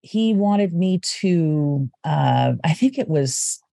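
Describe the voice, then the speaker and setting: Woman guest rambling through her story, mellow tone, lots of restarts, dry close sound. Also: low-pitched, lively intonation, vocal fry, no echo. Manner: chatty, halting, with many restarts and laughs. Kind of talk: casual chat.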